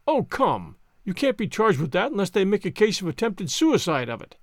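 A man voicing a blunt, hearty veteran police inspector who talks briskly and jovially in a higher, livelier tone. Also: big pitch swings, dry recording, clean studio sound. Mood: astonished.

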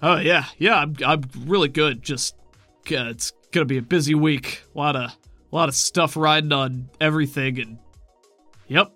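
A man's voice: fairly high pitch, moderate pace, bright, forceful tone, no room sound, faint music behind. A man voicing an anxious, earnest middle-aged chef and father who stammers when worked up. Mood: flustered.

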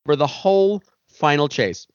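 A man's voice: a little high, very animated, moderate pace, no room sound, muffled recording. A tipsy man co-hosting a casual movie-review chat, chatty and campy. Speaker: podcast co-host.

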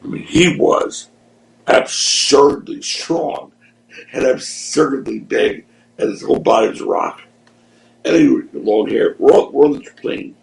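Seorang pria, tamu podcast, bercerita dengan santai dan hidup, sering memakai kata kasar dan menirukan suara orang dalam ceritanya. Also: male voice, medium pitch, unhurried, gravelly, echoey room, rough recording. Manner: animated, profane, acts out voices in his stories. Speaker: podcast guest, former wrestling promoter. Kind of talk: casual storytelling.

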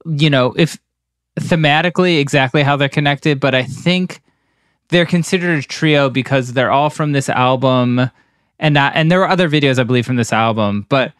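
Man, 40s, co-host, casual chat, rambling, lots of fillers, mid pitch, dry close sound. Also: normal speed, fairly bright tone, no echo. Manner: rambling, heavy with fillers like "you know" and "like". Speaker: podcast co-host.

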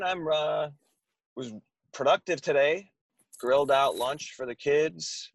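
A man's voice: a little high, takes it slowly, gravelly. A man co-hosting a podcast, calling in from his parked car and chatting in an easygoing, rambling way. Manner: easygoing, laughing, rambling chat. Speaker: podcast co-host. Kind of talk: casual chat.

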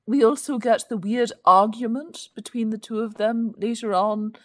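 A woman's voice: a little high, fairly even intonation, normal speed, no room sound. A woman co-hosting a casual film review chat, giving fluent, sardonic critique in long sentences. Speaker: podcast co-host.

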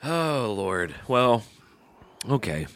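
A man's voice: mid-range voice, very animated, drawn-out words, fairly bright tone, clean tone, no room sound. A man co-hosting a podcast in casual comedic chat, talking emphatically and swearing. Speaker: podcast co-host.

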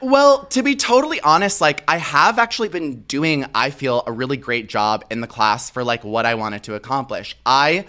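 A young man in casual chat, telling a story with animated delivery and frequent laughs. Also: mid-range voice, moderate pace, hardly any pauses. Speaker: podcast co-host.

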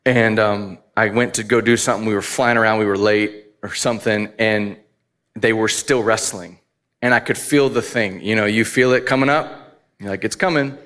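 A man's voice: lowish voice, fairly even intonation, moderate pace, a bit bright. Man preaching in a chatty, laughing way. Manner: conversational preaching with laughs and asides. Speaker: pastor. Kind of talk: sermon.

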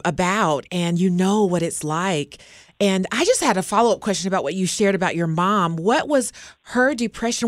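A woman's voice: medium pitch, no room sound, clean studio sound. A woman co-hosting a morning radio show, introducing and questioning a guest in an encouraging way. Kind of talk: radio interview.

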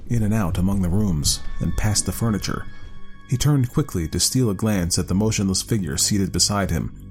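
A man with a very deep voice tells a ghost story in a measured, dramatic way. His reading is steady and deliberate. Quiet music runs faintly underneath. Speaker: narrator.

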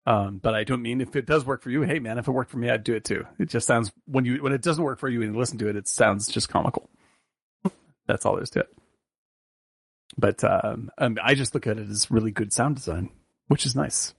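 A man's voice: medium pitch, a little fast, gravelly, breathy edge, no room sound, clean studio sound. A man co-hosting a movie review podcast, talking casually with lots of fillers and jokes. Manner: rambling, jokey, many fillers. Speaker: podcast co-host.

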